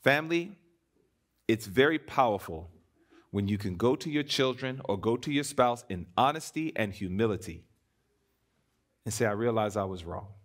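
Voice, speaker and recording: A man preaching a sermon in church, swinging between emphatic declarations and hushed, earnest appeals. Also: medium pitch, expressive, normal speed, pauses often.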